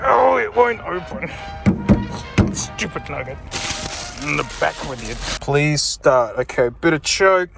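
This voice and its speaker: An Australian man chatting on location for his vlog, excitable and urging, saying "mate" a lot. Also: a little high, slow, gravelly, loud music behind the voice.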